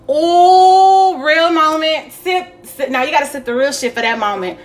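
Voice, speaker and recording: High-pitched animated woman vlogger. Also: fairly quick, few pauses. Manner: animated, swearing, laughing often. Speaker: spiritual vlogger. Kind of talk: casual profane monologue.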